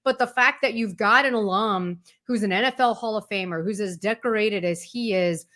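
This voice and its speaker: A woman's voice: medium pitch, normal speed, fairly bright tone. A woman sports reporter, a guest on a sports talk show, explaining in fluent detail and retelling anecdotes with energy. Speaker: college football reporter, guest.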